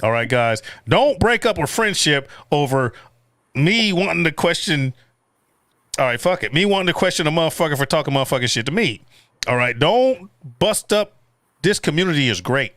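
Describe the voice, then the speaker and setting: A man's voice: on the high side, lively intonation, brisk, a bit bright, no echo, studio quality. A man hosting a casual livestream. He reads viewer comments aloud, swears and laughs easily. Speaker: livestream host.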